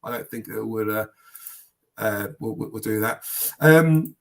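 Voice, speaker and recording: In a lowish voice with vocal fry, a podcast host speaks unhurriedly during a casual live stream. He reads out viewer comments, rambling and swearing along the way.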